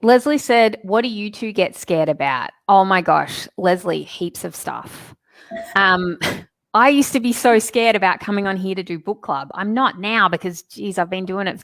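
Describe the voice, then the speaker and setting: A woman's voice: medium pitch, normal speed, no echo. A woman hosting a book club on a video call, explaining ideas in an earnest, casual way. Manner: explanatory, earnest, uses imagery. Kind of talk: casual chat.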